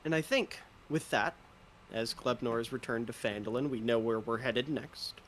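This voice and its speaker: A man's voice: medium pitch, moderate pace, a little hiss or hum. A man narrating as a tabletop game master in a loose, rambling way.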